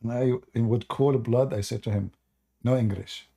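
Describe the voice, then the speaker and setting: A man with an Arabic accent, a native Arabic speaker, hosts a live channel with loose, rambling stories. His voice is gravelly, husky and mellow, and he keeps breaking into chuckles as he mocks himself. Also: medium pitch, fairly even intonation, normal speed. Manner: chuckles often, rambling, self-mocking. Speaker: host of a live call-in channel. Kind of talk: casual storytelling to a live audience.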